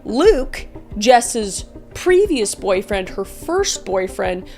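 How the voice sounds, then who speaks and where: A woman's voice: medium pitch, sing-song, drawn-out words, darkish tone, soft background music. A woman telling a true-crime story in a chatty, profane way, with frequent asides to the viewer.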